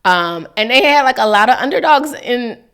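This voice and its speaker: A woman's voice: on the high side, expressive, moderate pace, fairly bright tone, smooth. A woman hosting a casual faith vlog, chatty and giggly, talking straight to her viewers. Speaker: devotional vlogger.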